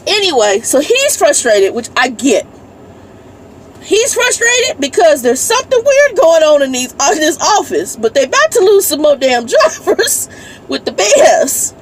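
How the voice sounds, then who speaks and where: Fed-up woman, truck driver, blunt and profane vlog rant from her cab; slightly high voice, faint background noise. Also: very animated, normal speed. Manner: irritated, blunt, swears, reads messages aloud. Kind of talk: ranting casual vlog. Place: inside a parked truck cab.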